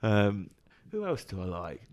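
A man in his thirties co-hosting a casual chat, telling stories with frequent laughs and quick impressions of people. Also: fairly low pitch, wildly swooping pitch, a little mellow, muffled recording. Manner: chatty storyteller, laughs often, mimics people. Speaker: podcast co-host.

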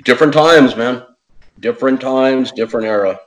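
Animated man telling a story. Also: mid-range voice, normal speed, poor audio. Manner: animated, acts out quotes in other voices; says "man" and "dude" often. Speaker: interview guest; podcast host. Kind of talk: casual storytelling.

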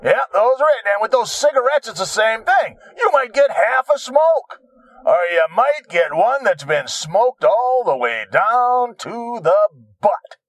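High, lively, profane older man. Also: measured pace, dry recording. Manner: profane, wry, self-mocking storytelling. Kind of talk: rambling personal monologue.

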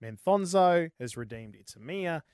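A man's voice: on the high side, moderate pace, clean tone, no room sound, clean studio sound. Rambling Australian man, casual gaming host. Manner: swears freely, rambling, animated. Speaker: podcast host.

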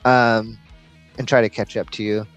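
A man's voice: on the low side, little pitch movement, moderate pace, fairly bright tone, soft background music. A young man co-hosting a podcast in casual chat, rambling and swearing with lots of slang. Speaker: podcast co-host.

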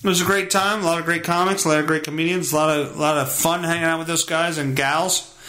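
A man's voice: fairly high pitch, steady tone, fast, bright, forceful tone. A young man hosting his own podcast, rambling casually in a profane, self-mocking way. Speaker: podcast host. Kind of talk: casual solo podcast monologue.

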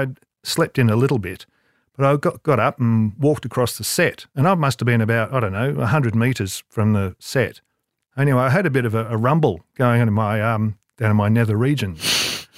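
A man's voice: mid-range voice, dry recording, clean studio sound. An older man, an advertising creative, telling a rambling, self-deprecating anecdote in an interview with many restarts. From Australia.

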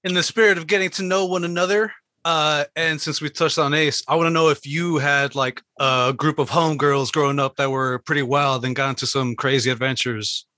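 A man's voice: fairly high pitch, fairly even intonation, brisk, sharp tone, no room sound. A man co-hosting, asking a guest friendly follow-up questions. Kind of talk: casual interview questions.

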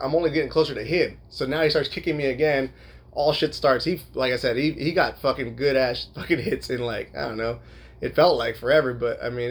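Fast-talking gravelly young man telling a story. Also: on the high side. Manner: rambling, swears a lot, many fillers; laughs while telling. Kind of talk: casual storytelling.

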